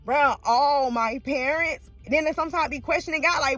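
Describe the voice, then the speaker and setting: A woman's voice: high-pitched, normal speed, hardly any pauses, fairly bright tone, dry recording. A woman vlogging in a casual, emotional way, blunt and profane, often laughing through tears. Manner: emotional, swings between laughing and crying; blunt and profane, heavy slang. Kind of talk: casual personal vlog talk.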